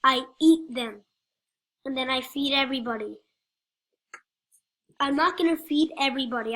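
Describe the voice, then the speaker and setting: A woman's voice: high voice, normal speed, long pauses, fairly bright tone. A woman giving playful, rambling gameplay commentary, joking and talking to the other players.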